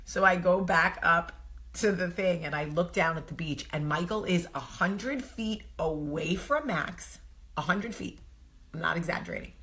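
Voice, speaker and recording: A woman in her thirties with a New Jersey accent, telling a story to camera in a casual vlog, animated and often laughing. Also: fairly low pitch. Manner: animated, swings to loud exclaiming, laughs often. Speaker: vlog host.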